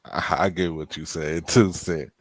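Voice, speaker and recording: A calm podcast co-host who sums up the others' points in a plain, matter-of-fact way. His voice is very deep, and the sound is close and dry. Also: measured pace, dry recording. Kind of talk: casual chat.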